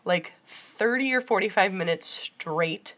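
A young woman in casual chat, talking fast and loose with lots of "like", laughing often and acting out what people said. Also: medium pitch, fairly bright tone. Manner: chatty, lots of "like", laughs often, acts out quotes.

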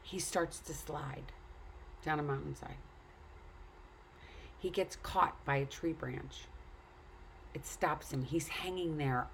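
A woman's voice: low voice, slow pace, gravelly, pauses often, a bit bright, a little hiss or hum. A woman telling a story and earnestly urging the listener to take care of themselves. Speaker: speaker. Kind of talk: casual motivational talk.

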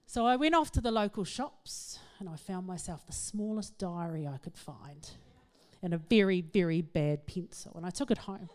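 A middle-aged woman, giving a humorous, self-mocking talk to an audience in an animated storytelling manner. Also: lowish voice, normal speed. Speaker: speaker.

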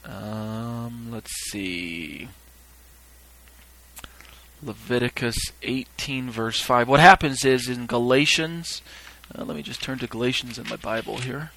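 A man's voice: medium pitch, slow pace, gravelly, pushed and bright, rough recording. A man giving a podcast Bible teaching who reads scripture and his commentary aloud. He searches his notes with fillers and grows emphatic as he explains.

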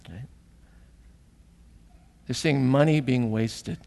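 A man's voice: slow pace, gravelly, in a large hall. A middle-aged man preaching a sermon as pastor, telling stories animatedly and acting out voices. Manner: animated storytelling, acting out voices with big pitch jumps.

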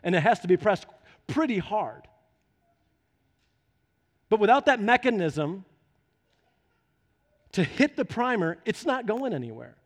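A man's voice: high voice, big pitch swings, a little slow, pauses often. A man preaching a sermon, telling a homely story and then urging his listeners on with fervent exhortation. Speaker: pastor. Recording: long hall reverb.

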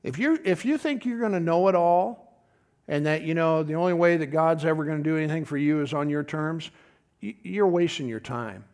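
A man's voice: on the high side, moderate pace, darkish tone. A middle-aged man preaching a folksy, conversational sermon, often calling out to his congregation.

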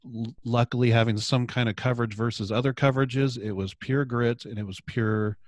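A man's voice: medium pitch, steady tone, fairly quick. A man talking earnestly and emphatically in a casual conversation, sometimes restarting his words. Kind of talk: casual chat, reading a quoted passage aloud.

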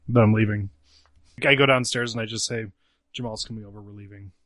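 A man's voice: on the low side, steady tone, fairly quick, fairly bright tone, no room sound. A man playing in a tabletop game, speaking earnestly in and out of character. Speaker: player.

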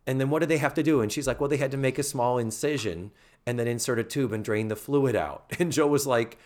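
A man's voice: mid-range voice, fast, darkish tone. A man co-hosting a casual podcast, recapping a TV episode and acting out the characters' lines. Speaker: podcast co-host.

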